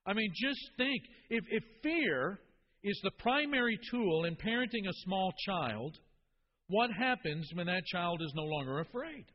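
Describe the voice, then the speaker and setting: A man's voice: sits high, animated, a little slow, slight background noise. A man preaching a sermon as a pastor, talking to the congregation in an emphatic, conversational way. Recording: dull reverberant hall recording.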